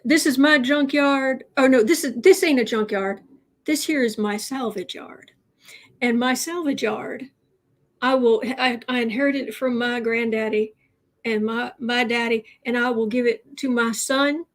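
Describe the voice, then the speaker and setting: A woman voicing a proud middle-aged rural junkyard owner, speaking in a put-on West Virginia drawl, slow and insistent. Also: fairly high pitch, fairly even intonation, natural voice.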